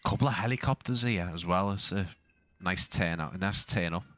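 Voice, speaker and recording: Casual flight-sim streamer, a man with a low, bright voice on a dry close mic, who talks in loose, self-correcting bursts. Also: a little fast, dry recording. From not Australian. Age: adult father. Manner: rambling, self-correcting, with frequent restarts and fillers. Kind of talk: casual live-stream commentary.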